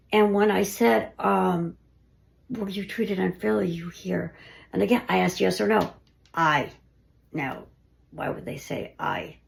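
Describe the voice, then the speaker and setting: Low, gravelly-voiced woman narrating ghost hunts. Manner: conversational, often drops to a hushed near-whisper. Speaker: paranormal investigator. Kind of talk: casual narration of ghost-hunt recordings.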